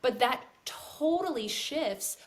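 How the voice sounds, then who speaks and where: A woman's voice: sits high, lively intonation, slow pace. A woman co-hosting a casual podcast conversation, earnest and talking in restarts with lots of "like". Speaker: podcast co-host.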